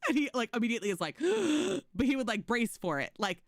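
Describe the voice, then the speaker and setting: A young adult woman streamer telling stories in casual chat with her viewers, animated and giggly. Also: high voice, fairly quick, few pauses, dry recording, studio quality.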